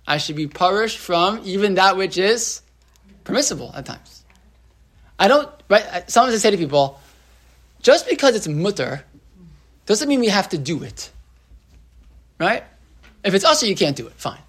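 A male rabbi leads a relaxed Torah class, talking the way people talk in a room. He keeps asking his listeners "right?" and restarts his sentences. He drops Hebrew terms into his English. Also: high voice, normal speed, pauses often. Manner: chatty, asks the room "right?", lots of restarts and "like".

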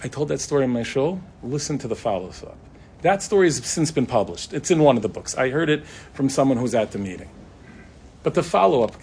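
Man, middle-aged, rabbi, husky, animated storytelling. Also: mid-range voice. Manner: animated, acts out dialogue in shifting voices. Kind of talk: storytelling talk.

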